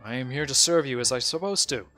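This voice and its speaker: A man's voice: medium pitch, animated, fast talker, sharp tone, faint music behind. A man voicing a dutiful, stubborn male orc guard in a tabletop game, speaking stiffly and formally.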